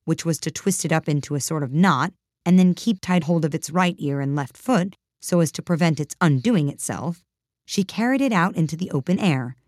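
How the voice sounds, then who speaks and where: A woman narrating a storybook in a calm, even storytelling manner. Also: low voice, moderate pace, no room sound, clean studio sound. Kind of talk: storybook reading.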